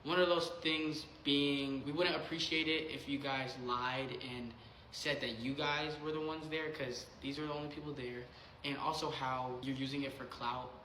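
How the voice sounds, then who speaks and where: A man's voice: mid-range voice, fairly even intonation, pushed and bright, echoey room, a little hiss or hum, rough recording. A man telling a personal story casually, acting out quoted dialogue and saying "like" a lot. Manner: rapid retelling full of quoted dialogue and filler "like". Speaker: vlogger.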